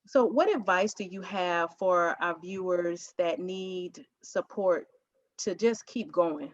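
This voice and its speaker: A woman hosting an interview who responds thoughtfully, pausing on fillers before she asks her question. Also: fairly low pitch. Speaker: interview host. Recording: dull lo-fi audio.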